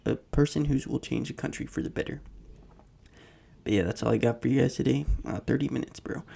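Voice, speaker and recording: A man's voice: medium pitch, brisk, vocal fry, mellow, breathy edge. A young man hosting a podcast, talking in a slangy, rambling way full of fillers as he comments on the week's news. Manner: slangy rambling rant, heavy on "like" and "freaking". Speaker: podcast host.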